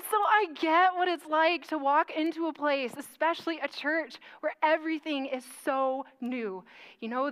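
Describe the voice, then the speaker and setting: A woman giving a sermon as an animated, self-mocking personal story with acted-out quotes. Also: sits high. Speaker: speaker telling a personal story in church.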